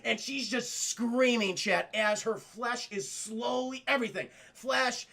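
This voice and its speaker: A man recapping a film for his stream chat, excitable, swearing constantly and acting out the scenes. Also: very high voice, measured pace, shouting.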